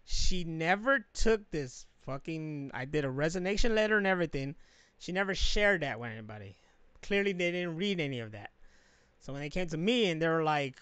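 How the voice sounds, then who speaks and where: Male co-host, high and bright, animated storyteller, swears freely. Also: moderate pace, pauses often, smooth, no echo. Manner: animated, profane, laughs a lot. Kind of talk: casual chat, storytelling.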